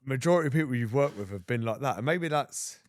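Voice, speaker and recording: A man's voice: mid-range voice, animated, quick pace, no echo, clean studio sound. A man hosting a podcast, reflecting in casual conversation, often filling with "you know" and "like". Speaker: podcast host. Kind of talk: casual interview chat.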